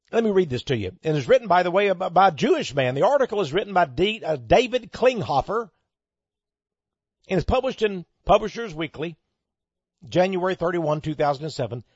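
A man giving an emphatic monologue, reading an article aloud and commenting on it, with sudden loud stresses. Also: high-pitched, breathy edge, no echo, dull audio.

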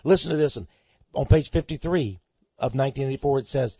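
A man preaching a sermon to listeners he calls friends, swinging between loud outbursts and hushed asides. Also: mid-range voice, brisk, gravelly, husky, no echo. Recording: dull lo-fi recording.

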